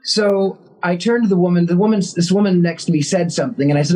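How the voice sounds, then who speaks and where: A man, a guest psychic on a casual podcast, telling animated stories and acting out the dialogue with frequent restarts. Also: high voice, quick pace, poor audio.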